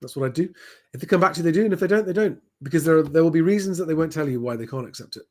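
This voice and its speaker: A man hosting a live stream, answering viewer questions in a relaxed, conversational way with frequent "um" fillers. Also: fairly high pitch, rapid-fire.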